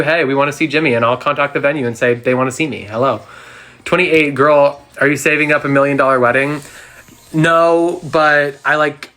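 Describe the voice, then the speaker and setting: This young man's voice is a bit high and sharp, with fairly level intonation. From the floor of his home, he takes fan questions on a live stream through his phone, chatty and sassy with rapid comebacks.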